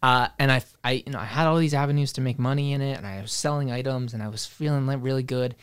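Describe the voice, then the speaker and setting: Young male co-host, animated, swears a lot, dry close-miked sound; casual chat. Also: mid-range voice, fast talker, smooth, dry recording. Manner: animated, swearing, rambling with many fillers. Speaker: podcast co-host.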